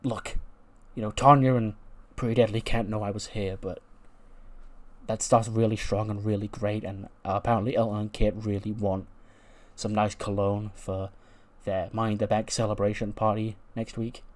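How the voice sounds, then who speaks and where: A man's voice: on the low side, flat delivery, moderate pace, close to an everyday voice. A man voicing a sly young male wrestler who talks persuasively to cut a deal.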